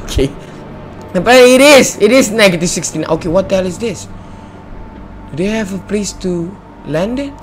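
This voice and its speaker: A man's voice: high voice, animated, normal speed, faint music behind. A man hosting a casual let's-play video, chatting playfully as he explores, joking and talking back to the game. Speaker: gamer and channel host.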